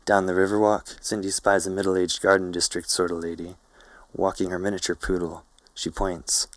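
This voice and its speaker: Deep-voiced man calmly reading a novel. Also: no room sound. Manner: calm, measured, literary. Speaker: narrator. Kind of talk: audiobook-style novel reading.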